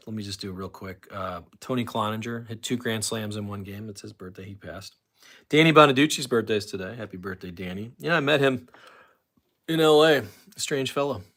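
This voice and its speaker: On a casual live stream, a man on the low side with a bit of brightness in his voice talks aimlessly, reads comments from viewers and moves around his home room with its autograph wall.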